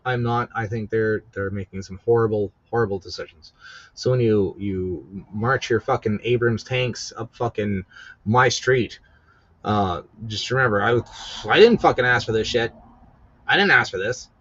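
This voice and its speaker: A man's voice: on the low side, normal speed, fairly bright tone. Profane rambling man, lo-fi podcast audio. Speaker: podcast host. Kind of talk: casual political rant. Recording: slightly dull lo-fi audio.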